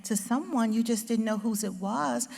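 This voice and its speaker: A woman doing a gentle, firm mother. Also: fairly high pitch, vocal fry. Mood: gently firm. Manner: soft, measured and gentle. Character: calm, firm, kind mother. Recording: long hall reverb.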